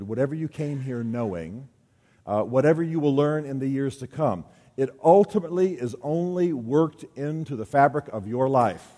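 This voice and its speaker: Man, talk to a men's group, joking and conversational, mid-pitched, long hall echo. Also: dark tone. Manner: conversational, joking, acts out quoted voices. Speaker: speaker at a men's gathering.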